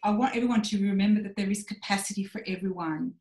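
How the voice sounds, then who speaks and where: A woman's voice: medium pitch, fast talker, a little mellow. A woman in her forties speaking frankly and reflectively as a podcast guest, acting out her own inner voice as she tells her story. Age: 40s. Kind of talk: candid personal conversation. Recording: roomy echoey sound.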